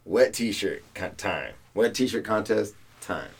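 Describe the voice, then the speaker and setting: A man's voice: fairly low pitch, takes it slowly, gravelly, husky. A man co-hosting a casual podcast chat, telling stories with lots of laughter and acted-out voices. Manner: animated storyteller, laughs a lot, acts out voices.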